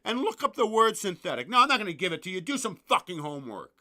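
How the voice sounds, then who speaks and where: A man hosting his own show, ranting at his listeners in a profane, rambling, excitable way full of asides. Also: high-pitched, quick pace. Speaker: podcast host.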